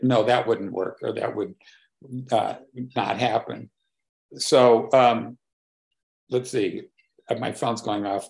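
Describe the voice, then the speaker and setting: A man in his seventies giving a reflective talk with personal stories, unhurried and thoughtful, often pausing to search for words. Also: mid-range voice, darkish tone. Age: 70s. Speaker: speaker on conversation and collaboration.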